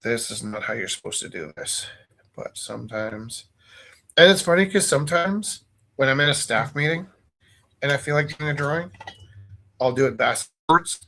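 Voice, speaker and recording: A man's voice: medium pitch, normal speed, pauses often. A man in his forties, an art teacher, telling stories casually and with energy as he paints, joking and acting out his students. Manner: animated, acts out his students' voices; loose and joking. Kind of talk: casual storytelling while painting.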